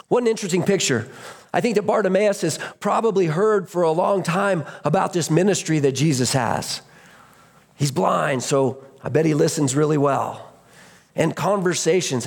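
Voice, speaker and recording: A pastor delivering a sermon with a slightly high, gravelly voice. He retells the stories with energy, slipping into the voices of the characters and breaking into shouts at the high points. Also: moderate pace. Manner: storytelling, acts out voices in the story; animated, shouts at peaks.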